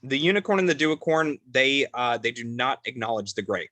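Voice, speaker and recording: A man narrating a tabletop game as game master, describing scenes in a halting, descriptive way. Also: mid-range voice, animated, pushed and bright, dry recording.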